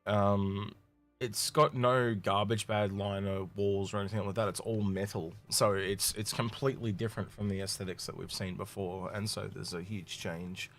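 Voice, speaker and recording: A man's voice: on the low side, fairly even intonation, moderate pace, a bit bright, soft background music. A man hosting a casual chat, friendly and steering the conversation. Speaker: host.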